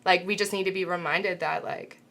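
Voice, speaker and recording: A woman's voice: fairly low pitch, fairly even intonation, fairly quick, sharp tone. A woman co-hosting a casual panel talk show, earnest and thoughtful, with many filler words. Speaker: co-host.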